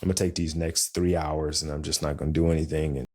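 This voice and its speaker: A middle-aged man on a podcast, chatting casually and telling an animated story, acting out the voices of the people in it. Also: extremely low pitch, quick pace. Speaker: podcast co-host. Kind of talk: casual chat.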